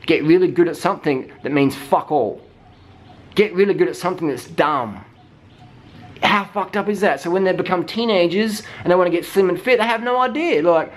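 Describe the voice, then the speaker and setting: A man's voice: high voice, moderate pace. Ranting man, swearing hard. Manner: heated, heavy swearing, mocking put-on voices. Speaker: vlogger. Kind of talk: profane rant.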